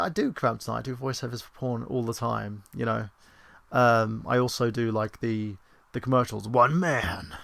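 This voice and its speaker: A British man in his thirties chats on a livestream, his voice gravelly at the bottom and recorded dry and close. He rambles from topic to topic with sarcastic, self-mocking asides and casual swearing. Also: mid-range voice, fairly bright tone, dry recording. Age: 30s. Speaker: livestream host.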